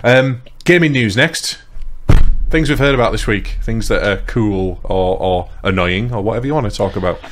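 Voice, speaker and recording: Low-voiced man chatting on a podcast. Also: moderate pace, background noise. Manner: rambling, animated storytelling. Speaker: podcast co-host. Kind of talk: casual chat.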